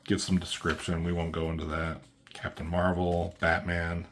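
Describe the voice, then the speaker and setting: A man's voice: deep voice, completely flat delivery, normal speed, background noise. A man casually recapping a comic book as a reviewer, rambling along with lots of fillers and a laid-back delivery.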